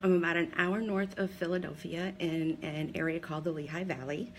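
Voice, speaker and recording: A woman's voice: fairly low pitch, level tone, a little fast, a little hiss or hum, poor audio. A woman in her forties from Pennsylvania telling her personal story on a live video in a chatty, candid way, with many ums and laughs at herself. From Pennsylvania, USA. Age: 40s. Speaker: direct seller sharing her story.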